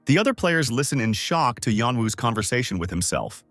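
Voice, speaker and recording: A man narrating a comic story recap as scripted narration, voicing each character's lines by raising his pitch. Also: brisk, no echo, soft background music. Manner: lively, voices characters with higher pitch.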